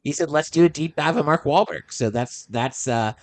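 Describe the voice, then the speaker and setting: A man's voice: fairly high pitch, no echo. Easygoing podcast host, man, dry sound. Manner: easygoing, laughs along, halting restarts. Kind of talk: casual podcast chat.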